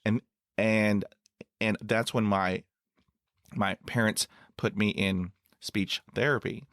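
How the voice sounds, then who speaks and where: A middle-aged man hosting a podcast interview, speaking slowly with stutter blocks and repeated sounds. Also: on the low side, steady tone, fairly bright tone, no echo, studio quality. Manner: slow, halting speech with stutter blocks. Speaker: podcast host.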